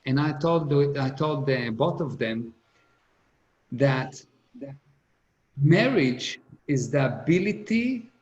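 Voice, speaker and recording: A man's voice: medium pitch, lively intonation, takes it slowly, pauses often, a little mellow, muffled recording. A middle-aged man giving a motivational seminar talk, earnest and repetitive, speaking English with non-native grammar. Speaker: business speaker. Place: conference hall. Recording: roomy hall echo.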